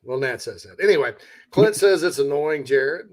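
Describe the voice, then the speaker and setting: A man's voice: fairly high pitch, animated, normal speed. A man from South Carolina hosting a casual sports talk show, joking and reading out audience comments. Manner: joking, chatty, reads out audience questions.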